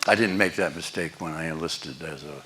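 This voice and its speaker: Here the older guest lecturer delivers a storytelling lecture, his rumbling low voice moving a little fast over background noise. He shares wry anecdotes with chuckles for the lecture hall audience.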